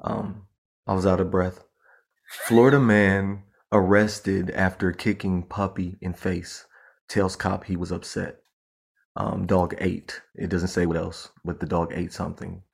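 Low, gravelly man on a podcast. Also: completely flat delivery, measured pace, darkish tone. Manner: playful, reads headlines aloud, laughs easily. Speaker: podcast co-host. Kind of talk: casual podcast chat.

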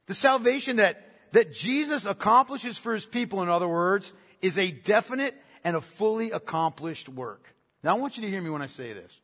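Pastor guy preaching, high voice, hammers points home with repeats, long hall reverb. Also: expressive, normal speed, fairly bright tone. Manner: emphatic, repeats key phrases, asks rhetorical questions. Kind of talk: sermon.

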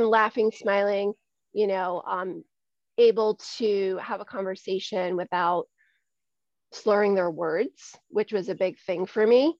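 Speaking in a mid-range voice, this woman in her forties is a guest in a candid, conversational interview, earnestly repeating words while she works out what to say. The sound is close and dry, without any room around it, and the overall recording is dull and lo-fi.

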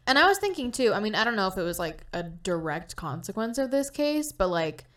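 A woman's voice: medium pitch, sing-song, a little fast, fairly bright tone, a little hiss or hum. A young woman co-hosting a true-crime podcast, talking emotionally, swearing and saying "like" constantly. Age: young adult. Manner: emotional, swears, says "like" a lot. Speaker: podcast co-host.

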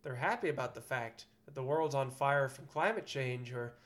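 Brief: outspoken man hosting a podcast, bright forward voice, mid pitch, swears freely. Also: moderate pace. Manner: frank, profane, ranting. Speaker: podcast co-host. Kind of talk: casual chat.

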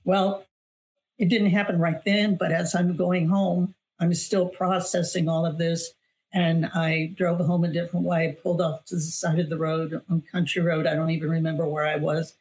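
A woman's voice: fairly low pitch, flat delivery, moderate pace, darkish tone. A middle-aged woman, a guest on an interview show, telling a personal testimony in an earnest, emphatic way, often repeating phrases for weight. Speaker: guest, author and weight loss coach.

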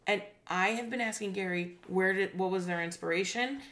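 A woman co-hosting a podcast in casual chat, sarcastic and quick to laugh. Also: medium pitch, a bit bright. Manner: sarcastic, laughs often, puts on silly voices. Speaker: podcast co-host.

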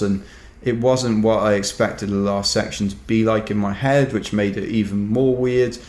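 Wry Welsh man with a low voice. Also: fairly even intonation, normal speed, a little mellow. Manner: rambling, wry storyteller full of "kind of" and "you know". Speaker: ultrarunner guest. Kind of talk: casual anecdote telling. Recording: roomy echo.

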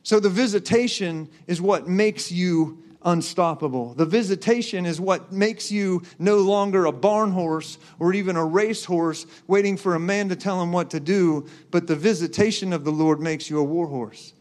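A man's voice: sits high, moderate pace, few pauses, darkish tone. A man preaching a sermon, driving his points with repeated rhetorical questions to the congregation. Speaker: pastor.

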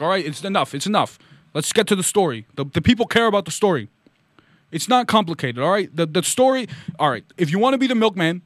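A man puts on a cranky older politician from Vermont who rants and stammers, repeating himself as he goes. The voice sits high and strained, with faint music behind it. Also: fairly bright tone, no echo. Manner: ranting, blustery, repetitive stammering. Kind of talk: comedy story bit, Bernie Sanders impression.

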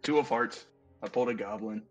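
A man playing a tabletop game over a video call, playful and quick to laugh. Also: fairly low pitch, faint music behind. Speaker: player.

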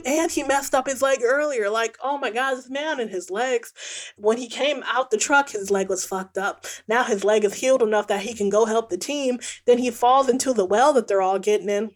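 A woman hosting a podcast, recapping a film in a casual, exasperated rant, swearing freely and laughing as she goes. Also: a little high. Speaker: podcast host reviewing a film.

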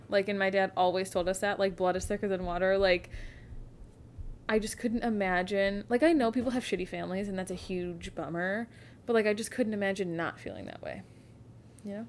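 A young woman in casual podcast chat, speaking in a relaxed, reflective way with many fillers. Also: mid-range voice, fairly quick, a little hiss or hum.

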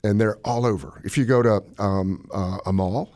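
A man who is a cardiologist, hosting a radio show and telling stories in a casual, animated way. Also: moderate pace, no echo, studio quality. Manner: animated storyteller, lively pitch swings.

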